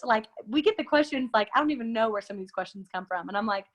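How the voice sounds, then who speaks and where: Woman, casual hostess, higher voice, acts out quotes. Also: expressive, quick pace. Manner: chatty, acts out quoted lines with big pitch jumps. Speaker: host. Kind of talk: casual chat on a video call.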